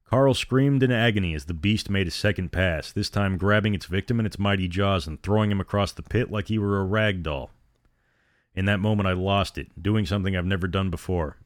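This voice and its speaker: A man narrating a scripted horror story in a steady, grim storytelling manner. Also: deep voice, dry recording, clean studio sound.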